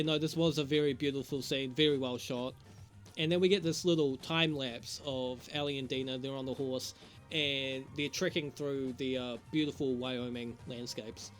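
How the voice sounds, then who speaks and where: A man's voice: a little high, fairly bright tone. A young man doing a casual review vlog, talking in a profane, sarcastic, rambling way and laughing at his own jokes. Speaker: show reviewer.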